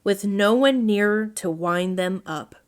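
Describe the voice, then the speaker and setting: A woman voicing a fussy, excitable male owl as she reads a children's storybook aloud. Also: slow, natural voice. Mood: mournful. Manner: high, fretful storybook voice.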